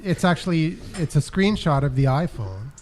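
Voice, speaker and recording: A man's voice: on the high side, expressive, normal speed, a little mellow. Man laughing his way through podcast banter. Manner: laughs while reading funny texts aloud. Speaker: podcast co-host. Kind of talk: casual chat.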